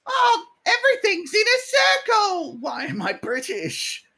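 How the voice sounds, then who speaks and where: A man putting on a baffled small-town character from a corny horror trailer, the voice leaping up into a squeaky, mocking register. It is silly and overdone, sending up a cheap adaptation. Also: lively intonation, slow pace, vocal fry, a bit bright, exaggerated voice. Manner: mocking, exaggerated high pitch jumps.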